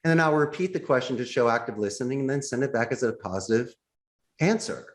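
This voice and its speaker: Animated man coaching sales tactics. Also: medium pitch, fast talker. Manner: enthusiastic, acts out phone calls with bright voices. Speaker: call center CEO, interview guest. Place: in Costa Rica.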